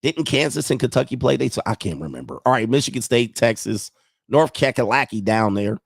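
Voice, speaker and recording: A man of ordinary pitch hosts a loose sports livestream, wandering from point to point and thinking out loud. His voice sounds dry and close, with no room around it. He chuckles between thoughts. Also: lively intonation, brisk, vocal fry, no room sound. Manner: rambling, thinks aloud, chuckles often. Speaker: sports show host. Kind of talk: casual livestream sports chat.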